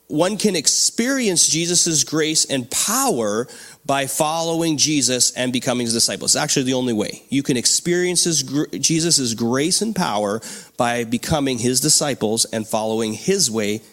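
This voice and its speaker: Lively man preaching a sermon. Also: mid-range voice, a little slow. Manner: animated, asks the congregation for responses. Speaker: pastor.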